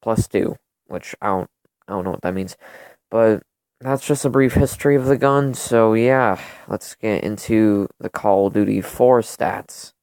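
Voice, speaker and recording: A man's voice: lowish voice, a little slow, a little mellow, clear, resonant tone, no echo. A young man hosting a gaming channel, casually rambling through weapon stats with lots of fillers and self-corrections. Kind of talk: casual gun comparison commentary. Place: home room during a thunderstorm.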